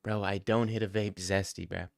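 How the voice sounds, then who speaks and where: A man's voice: on the low side, flat delivery, moderate pace, vocal fry, no room sound, clean studio sound. A man in his twenties streaming, reading chat aloud and bantering and joking back at it in casual talk.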